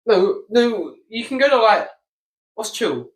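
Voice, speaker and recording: A young man co-hosting a casual podcast, agreeable and joking, often answering with a quick yeah. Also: high-pitched, big pitch swings, husky. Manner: agreeable, many short yeahs, joking. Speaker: podcast co-host. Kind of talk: casual chat.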